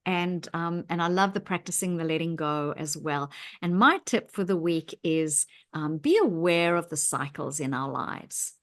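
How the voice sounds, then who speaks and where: A woman's voice: fairly low pitch, lively intonation, unhurried. A woman co-hosting a casual mindfulness chat, talking in a reflective way with many ums and restarts. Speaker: podcast co-host.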